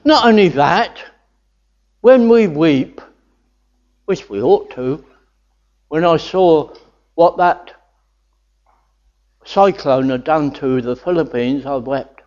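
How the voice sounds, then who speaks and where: A man's voice: on the high side, lively intonation, slow, pauses often, darkish tone. An older man preaching a sermon, earnest and building to enthusiastic exclamations of wonder. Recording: dull lo-fi recording.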